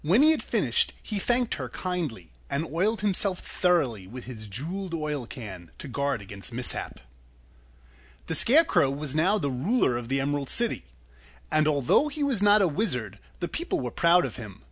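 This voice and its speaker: A man reading a children's classic aloud as an expressive audiobook narrator. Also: fairly high pitch, moderate pace, slightly rough, no room sound. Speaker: audiobook reader.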